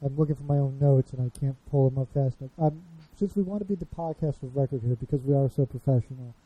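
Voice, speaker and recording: A man's voice: medium pitch, quick pace, husky, narrow, tinny audio. A man in his thirties with a Chicago accent, hosting a casual podcast chat, rambling and self-deprecating as he fumbles with his notes. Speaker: podcast host.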